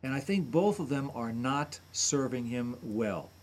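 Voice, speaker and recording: Here an unhurried, expressive man with a mid-range voice appears on talk radio as a speech commentator. He closely analyzes the way politicians speak and copies their patterns to illustrate.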